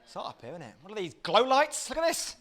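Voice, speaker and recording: A young Englishman doing a stand-up comedy set, excitable, with sudden loud shouty bursts. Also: high-pitched, fast talker.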